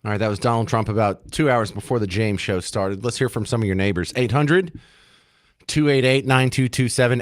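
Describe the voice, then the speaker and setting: A man's voice: medium pitch, normal speed, no echo. A man hosting a talk radio call-in show, giving blunt, opinionated commentary into a studio microphone.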